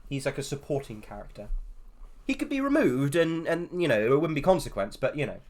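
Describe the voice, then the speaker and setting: A man's voice: a little high, very animated, fairly quick, darkish tone, a little hiss or hum. A man from England chatting casually on a judging panel, rambling through anecdotes with lots of restarts. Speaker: judge on an art contest panel. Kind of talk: casual group chat.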